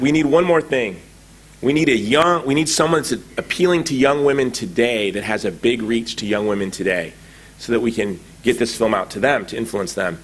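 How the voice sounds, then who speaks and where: A middle-aged man giving a conference talk, telling a story with lively acted-out quotes. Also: lowish voice. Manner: animated storytelling, acting out quoted dialogue. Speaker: conference speaker. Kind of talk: anecdotal public talk. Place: conference hall.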